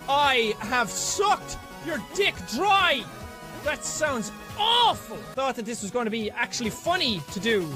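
A man giving raging gameplay commentary, swearing constantly and yelling in frustration. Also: very high voice. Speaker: gamer streaming a game.

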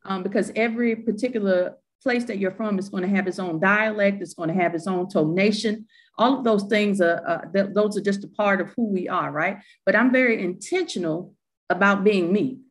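Animated woman with a Southern accent. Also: mid-range voice, normal speed. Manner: animated, emphatic, often asks "right?". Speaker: panelist. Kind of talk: candid panel discussion.

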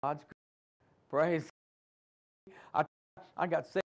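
A man's voice: a little high, steady tone, slow, creaky. A man preaching a sermon in a church, calling out to his congregation and acting out the inner voices of doubt. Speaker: pastor.

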